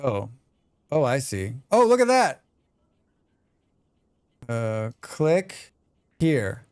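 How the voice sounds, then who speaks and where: A man chatting casually on a gaming livestream, excitable and swearing freely while he talks to his viewers. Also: medium pitch, extremely slow, smooth, dry recording, clean studio sound.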